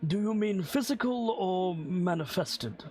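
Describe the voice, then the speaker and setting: A man's voice: sits high, expressive, unhurried, a little mellow, slight background noise, voice pushed up. A man voicing a formal, precise male manor servant who answers in short, courteous phrases.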